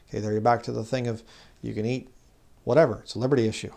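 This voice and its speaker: A man giving an informal bible teaching, talking conversationally and growing louder when he reads scripture. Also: mid-range voice, fairly quick, gravelly, pauses often. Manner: conversational, rises loud when reading scripture; mocks legalists in put-on voices. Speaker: preacher.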